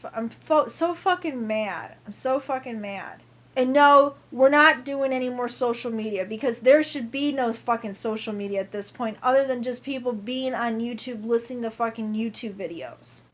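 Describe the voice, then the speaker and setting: A woman's voice: a little high, moderate pace, fairly bright tone. A woman ranting to camera in a heated, profane monologue, repeating herself over and over.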